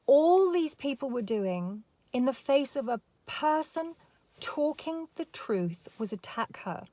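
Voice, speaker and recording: A woman's voice: fairly high pitch, sing-song, a little slow, mellow, dry recording. A woman giving a rambling casual commentary with emphatic repetitions. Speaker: commentary vlogger.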